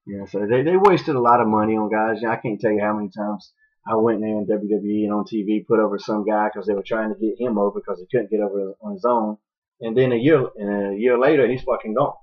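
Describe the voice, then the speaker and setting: A man's voice: fairly low pitch, steady tone, quick pace, breathy edge. A man hosting a podcast in casual chat, blunt and profane. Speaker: podcast host. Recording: dull lo-fi podcast audio.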